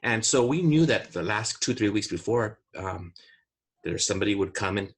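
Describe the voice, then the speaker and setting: A man's voice: lowish voice, lively intonation, moderate pace, husky. A man in his forties, a podcast co-host, telling a story in a casual chat and acting out his own past panic in a raised voice.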